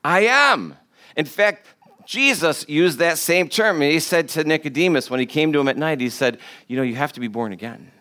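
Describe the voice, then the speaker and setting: A man's voice: fairly high pitch, expressive, normal speed, sharp tone. A man preaching a sermon to a congregation. He talks in a conversational way, jokes with the listeners and repeats words for emphasis. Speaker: pastor.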